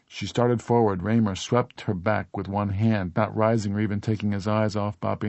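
A man narrating an audiobook in a steady, even storytelling manner. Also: lowish voice, moderate pace, vocal fry, hardly any pauses, no echo.

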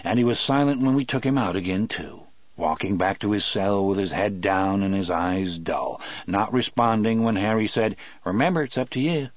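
Low-voiced man narrating an audiobook. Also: moderate pace, no echo.

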